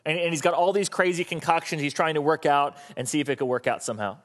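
A man in his thirties preaching a sermon, telling the story with animated, acted-out voices. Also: a little high, fast talker. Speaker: pastor.

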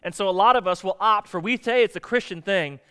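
A man's voice: high voice, fairly quick, sharp tone, clear, resonant tone. A middle-aged man, a pastor from the United States, preaching a conversational sermon and acting out quoted voices.

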